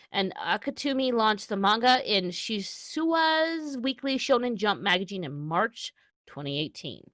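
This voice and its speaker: A woman's voice: mid-range voice, a bit bright, dry recording. A woman co-hosting a casual podcast, chatting and reading news aloud with small restarts. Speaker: podcast co-host.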